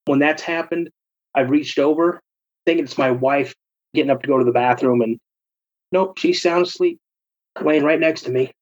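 A man's voice: fairly high pitch, moderate pace, long pauses. A young man telling a personal ghost story in a casual way, acting out his friends' voices. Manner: animated, acts out quoted friends. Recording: dull lo-fi recording.

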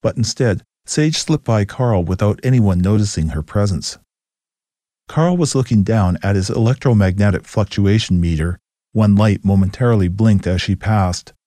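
Male narrator, ghost story, low voice, mellow tone, dry close sound. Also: normal speed, no echo.

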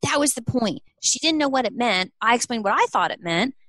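A woman's voice: fairly high pitch, lively intonation, brisk, a bit bright, no room sound. A middle-aged woman who runs a small clothing business, answering interview questions earnestly and acting out quoted dialogue.

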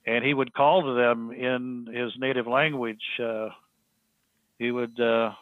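A man telling a story as a podcast guest, halting with frequent restarts and fillers. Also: medium pitch, little pitch movement, no echo. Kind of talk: storytelling in casual conversation. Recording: tinny phone-line sound, dry.

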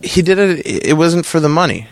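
A man's voice: on the high side, brisk, no echo. A man hosting a podcast, telling stories in casual chat and laughing often as he goes. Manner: laughs often, animated storyteller.

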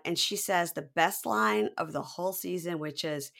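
A woman's voice: lowish voice, a little slow, few pauses. A woman podcast host recapping a reality show in casual chat, acting out quotes. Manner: animated retelling, acting out quotes.

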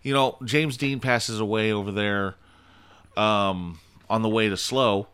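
A man's voice: on the low side, steady tone, a little slow, a bit bright, clear, resonant tone. Profane, storytelling man. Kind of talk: casual podcast banter.

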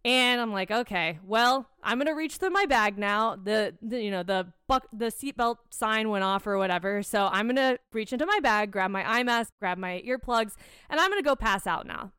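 A woman's voice: medium pitch, moderate pace, smooth, no room sound, studio quality. A young woman telling an annoyed story in casual chat, swearing freely. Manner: swears a lot, animated storytelling.

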